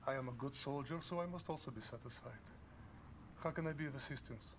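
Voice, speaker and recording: A man's voice: medium pitch, fast talker, a little hiss or hum, natural voice. An actor with a put-on Russian accent playing a formal male Russian intelligence officer in a spy video game, rolling his R's. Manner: stiff, formal, rolls every R.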